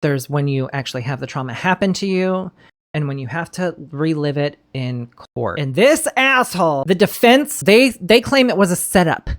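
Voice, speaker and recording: A woman's voice: low-pitched, lively intonation, normal speed. A woman giving blunt, emotional commentary while recapping a true-crime episode, swearing freely. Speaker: commentary host. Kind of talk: casual reaction commentary.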